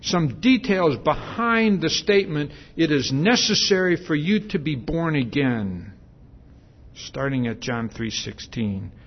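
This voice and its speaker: Slow, conversational male preacher. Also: fairly high pitch, lively intonation, highs cut off. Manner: conversational, with many fillers and restarts; asks the congregation questions. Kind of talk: sermon.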